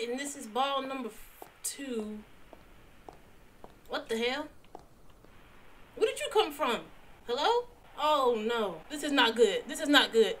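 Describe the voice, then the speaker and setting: A Southern US woman hosts a horror game let's play, jumpy and exclaiming as she talks back at the screen. Her voice is bright and crisp and pitched somewhat high. A faint room ambience sits underneath. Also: a little hiss or hum. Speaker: gaming channel host.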